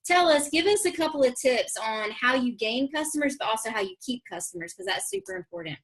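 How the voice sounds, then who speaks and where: A woman's voice: high-pitched, animated, a little fast, vocal fry, fairly bright tone. A middle-aged woman hosting a casual interview, upbeat and encouraging, laughing often. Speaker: host and team leader.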